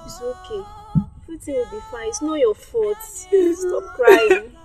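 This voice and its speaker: A woman's voice: very high voice, very animated, a little slow, darkish tone, heavily acted. A Nigerian woman acting as a young daughter who pleads and asks questions with care, in a film. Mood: pleading. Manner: pleading, consoling. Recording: film audio with faint music.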